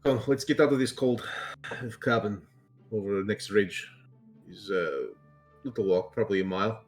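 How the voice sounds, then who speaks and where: Man doing a gruff terse Siberian hunter. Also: on the low side, normal speed, soft background music, natural voice. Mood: urging. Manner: clipped broken phrasing.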